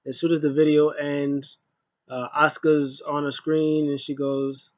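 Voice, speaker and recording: A man's voice: fairly high pitch, level tone, a little slow, dry recording. A man giving a loose, rambling casual recap as a wrestling show reviewer, full of asides.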